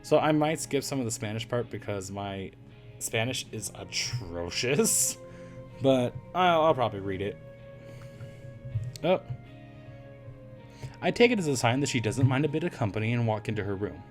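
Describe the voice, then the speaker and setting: A hoarse man reading a visual novel aloud as a let's play narrator, with wry, self-deprecating asides. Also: medium pitch, expressive, moderate pace, long pauses, faint music behind.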